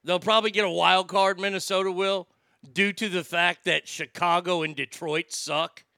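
Sarcastic guy ranting football, high gravelly voice, super bright and dry. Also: steady tone, normal speed, no echo. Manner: brash, sarcastic, swears freely. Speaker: sports talk host. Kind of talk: casual sports rant.

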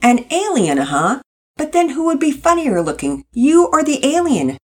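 A woman's voice: high-pitched, sing-song, normal speed, pitched above the performer's own voice. A woman voicing a good-natured father who teases the kids. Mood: teasing. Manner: teasing, jovial.

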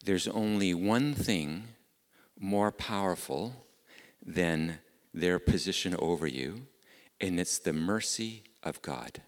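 Low-voiced pastor preaching. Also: male voice, animated, slow pace, big-room sound. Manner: earnest, conversational preaching with repeated rhetorical questions. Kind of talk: sermon. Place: church.

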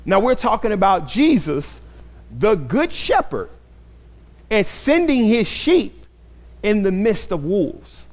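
Male pastor, sermon, earnest, repeats phrases, high voice, unhurried. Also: big pitch swings, darkish tone. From grew up in an inner-city neighborhood.

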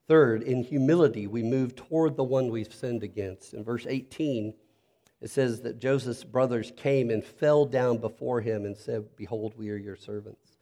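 A man preaching a sermon as pastor, earnest and reflective, dropping to a soft, intimate tone when he speaks directly to listeners. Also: mid-range voice, steady tone, moderate pace.

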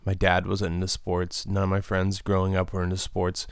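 A man hosting a solo comedic podcast, rambling in a deadpan, profane way. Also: sits low, normal speed, gravelly, smooth, no echo, clean studio sound. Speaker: podcast host.

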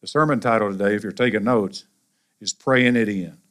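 A pastor with a Southern US accent preaching a sermon in a folksy, animated way with colloquial asides. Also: male voice, on the low side, fairly quick. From American South.

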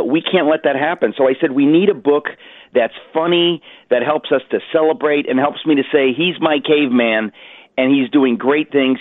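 A man being interviewed as an author, telling a story with animated voices over a phone line. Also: medium pitch, dry recording. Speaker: author guest. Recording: tinny dry phone line.

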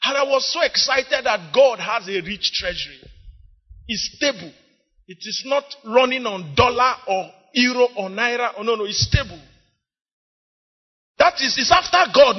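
A man with a Nigerian English accent preaching an impassioned sermon, often rising to shouts and stretching words out. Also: very high-pitched. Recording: dull lo-fi recording.

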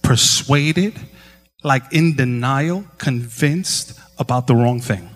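A man preaching a sermon as pastor, telling a lively story and prompting the crowd. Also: medium pitch, slow pace. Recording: long hall reverb with music behind.

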